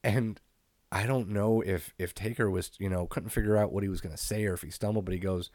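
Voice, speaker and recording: A man's voice: on the low side, fairly even intonation, fairly quick, darkish tone, dry recording, studio quality. A man co-hosting a podcast, recapping old wrestling shows in a laid-back, profane way and laughing often. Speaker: podcast co-host. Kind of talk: casual wrestling recap chat.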